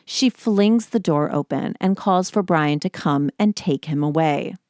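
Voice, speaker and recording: A woman hosting a podcast reads her scripted narration in a measured, deliberate manner. Her voice sits low and the recording is dry and close, with no room sound. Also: a little mellow, dry recording. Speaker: podcast host.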